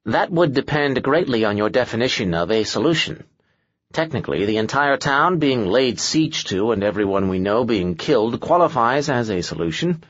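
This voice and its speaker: A man's voice: medium pitch, expressive, normal speed, fairly bright tone, no echo, muffled recording. A man voicing a pedantic, precise male scholar in an audiobook, who speaks with dry gloom.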